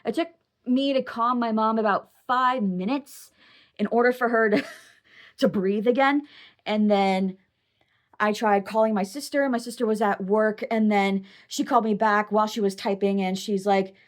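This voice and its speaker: A young adult woman vlogger telling a personal story in a chatty, excitable, rambling way. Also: medium pitch, normal speed. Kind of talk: casual personal storytelling to camera.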